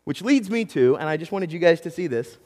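A man preaching a sermon in an animated way, acting out quotes and talking straight to his audience. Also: fairly high pitch, brisk, in a large hall. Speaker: pastor.

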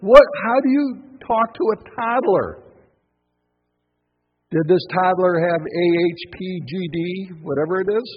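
A man preaching a sermon, full of questions and playful asides, dropping to a hush and then bursting out loud. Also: sits high, a little slow, slightly rough, big-room sound, highs cut off. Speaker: pastor.

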